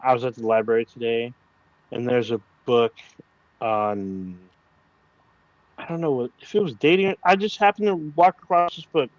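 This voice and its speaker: A man's voice: medium pitch, lively intonation, normal speed, long pauses, no echo, muffled recording. A man chatting casually as a podcast co-host, telling a small story in a laid-back way with some swearing. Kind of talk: casual chat.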